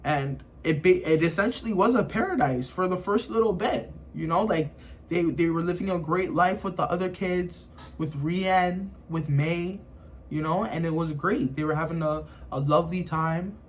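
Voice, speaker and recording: Man, high voice, casual reviewer who retells scenes in a loose, rambling way full of fillers. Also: normal speed, a little hiss or hum. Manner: rambling, full of "you know" and "like". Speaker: anime reviewer.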